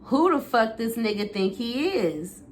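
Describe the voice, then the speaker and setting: A woman reading aloud the lines of a volatile, jealous, abusive young man who yells and curses, then pleads. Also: on the high side, very animated, measured pace, slight background noise, pitched above the performer's own voice. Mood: raging. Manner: yelling, cursing, then pleading.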